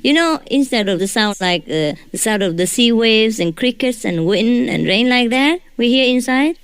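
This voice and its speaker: A woman's voice: fairly high pitch, smooth, dry recording. A woman who is not a native English speaker gives an informal, joking talk to her followers as a spiritual teacher. She often tags her sentences with a questioning "huh?".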